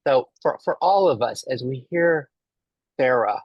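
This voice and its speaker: A man's voice: medium pitch, expressive, unhurried, breathy edge, no echo, dull audio. A man leading a group workshop, asking musing questions and restarting his sentences often. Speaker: workshop facilitator.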